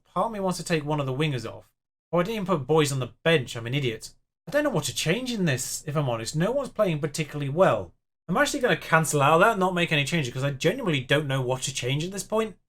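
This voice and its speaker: A man's voice: a little high, fairly bright tone. A young man commentating his own game, chatty and self-mocking, muttering along as the match plays out. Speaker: YouTube game player. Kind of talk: let's-play commentary.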